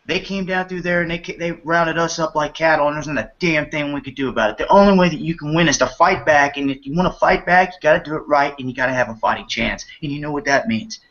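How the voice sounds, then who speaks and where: Male podcast guest with a higher voice, blunt and animated storyteller, lo-fi muffled sound. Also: quick pace, few pauses. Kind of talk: casual chat, recounting events.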